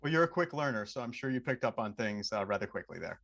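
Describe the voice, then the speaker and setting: A man interviewing a guest, asking long, measured questions in a friendly way. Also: medium pitch, very animated, vocal fry, a bit bright.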